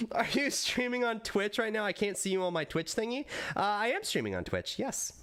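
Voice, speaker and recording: Lively, bright-voiced male streamer. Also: very high voice. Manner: excitable, rambling, laughs often. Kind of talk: casual live-stream chat.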